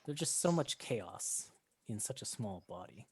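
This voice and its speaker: A woman's voice: extremely low pitch, big pitch swings, measured pace, a little mellow, husky, no room sound. A woman narrating as game master in a chatty, giggly way, with many fillers.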